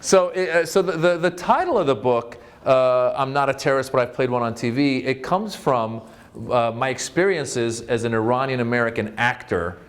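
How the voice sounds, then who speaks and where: Male speaker, mid-pitched, from Northern California; relaxed comic storytelling, self-deprecating, filler-heavy and restarting. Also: normal speed. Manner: chatty, self-mocking, full of fillers and restarts. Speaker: author and comedian giving a talk. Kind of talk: humorous storytelling talk.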